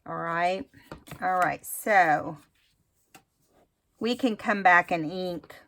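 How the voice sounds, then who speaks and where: A woman's voice: on the low side, fairly bright tone, a little hiss or hum. A woman hosting a craft tutorial, talking casually and rambling as she demonstrates. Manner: chatty, rambling, self-admittedly unhurried.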